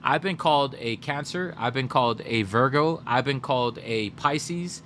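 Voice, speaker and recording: This medium-pitched man talks at a normal pace, with a faint hum or hiss in the audio. Streaming a game, he spins lively stories, swears, and reads and replies to his chat's messages in relaxed livestream banter.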